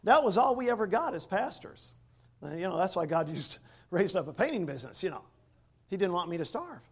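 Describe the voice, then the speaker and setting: Animated high-voiced male preacher. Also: brisk, husky. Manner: animated, swings from loud to quiet, laughs between points. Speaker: preacher, former pastor. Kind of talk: sermon.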